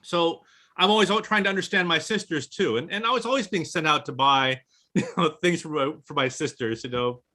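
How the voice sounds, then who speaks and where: Bright-voiced animated man on a video panel. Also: a little high, a little fast. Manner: animated, mock-indignant, joking. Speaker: author panelist. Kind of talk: casual panel chat.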